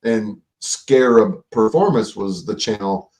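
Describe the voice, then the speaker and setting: Rambling low-voiced male livestream host. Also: takes it slowly, a little mellow, distant mic. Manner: rambling, swears, many fillers and restarts. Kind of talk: casual livestream commentary.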